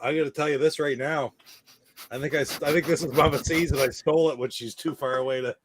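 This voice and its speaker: A man joining a live chat show as a guest over a video call, playful and quick to laugh. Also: fairly high pitch, fairly even intonation, breathy edge. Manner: playful and jokey, laughs easily. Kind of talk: casual banter.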